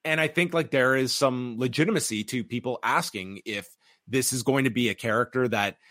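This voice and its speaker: A man co-hosting a wrestling review podcast, speaking in a measured way with frequent restarts and fillers. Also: medium pitch, a bit bright, no room sound, studio quality. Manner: measured, repeats words, many fillers. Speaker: podcast co-host. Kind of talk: casual wrestling review chat.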